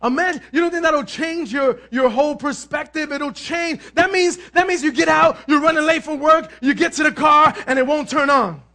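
A male pastor preaching a sermon, telling stories with lively energy, calling out to the congregation and sometimes shouting. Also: extremely high pitch, normal speed, few pauses. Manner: animated storytelling, asks the crowd "amen?", bursts of shouting.

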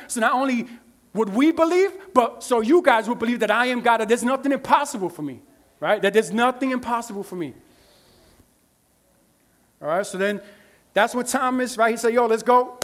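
A man's voice: very high voice, fairly bright tone. A man pastor preaching a conversational sermon, acting out the voices in the stories he tells and checking in with "right?".

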